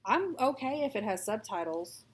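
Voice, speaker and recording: Her voice is a little high, with big pitch swings and a moderate pace. She's a Texas-raised stitching vlogger in her thirties, rambling and self-deprecating as she chats casually over her stitching.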